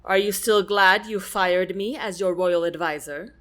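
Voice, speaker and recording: A woman's voice: medium pitch, steady tone, unhurried, fairly bright tone, lightly acted. A woman voicing a proud former royal advisor with a dry, wry manner.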